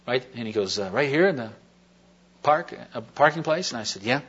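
A man's voice: medium pitch, lively intonation, brisk, fairly bright tone, husky. A man giving a sermon testimony, telling a personal story in a rambling, folksy way with many fillers and restarts. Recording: dull lo-fi recording.

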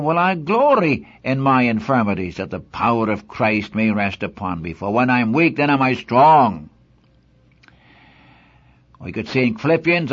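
An older man preaching a Bible teaching sermon, earnest and emphatic, returning again and again to one key verse. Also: medium pitch. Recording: dull lo-fi old recording.

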